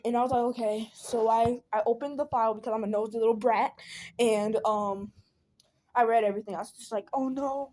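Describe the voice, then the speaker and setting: Rambling young woman with a warm voice. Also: a little high. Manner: rambling, filler-heavy, acts out quoted people. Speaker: storyteller. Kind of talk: casual storytime vlog.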